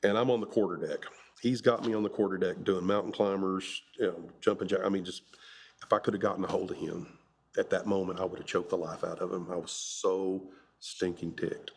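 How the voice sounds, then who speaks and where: Low-voiced middle-aged veteran man from Kentucky. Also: a little fast, gravelly, husky. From Kentucky, USA. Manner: relaxed anecdotal storytelling with chuckles. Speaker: Marine veteran interviewee. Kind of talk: oral history interview.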